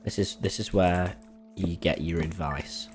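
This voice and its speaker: A young man chatting to his live-stream audience while playing, excitable and swearing freely. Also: sits low, unhurried, faint music behind. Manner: excitable, swears freely, jumps between game and chat. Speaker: game streamer.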